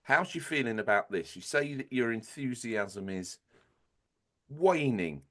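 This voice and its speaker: A man co-hosting a gaming podcast in loose, casual chat. He spins playful, rambling tall tales with a mock-serious tone. His voice sits at an ordinary, mid-range pitch. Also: expressive, unhurried, a bit bright. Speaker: podcast co-host.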